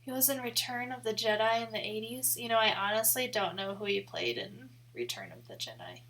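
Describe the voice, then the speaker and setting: Bright-voiced chatty young woman. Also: on the high side, lively intonation, fairly quick. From American Midwest. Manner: chatty and rambling, heavy use of "like", laughs often. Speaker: photography streamer. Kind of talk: casual live-stream chat.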